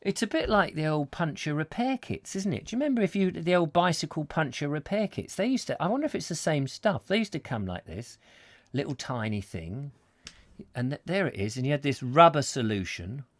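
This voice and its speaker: The host, a man with a fairly high, sing-song voice and a brisk pace, chats his way through jokey stories on a comic live show, singing bits here and there. The recording is dry.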